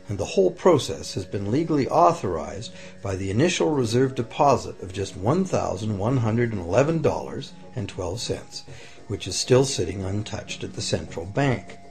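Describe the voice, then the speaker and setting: A man giving a calm, explanatory scripted narration for a documentary. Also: mid-range voice. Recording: voice-over with faint music behind.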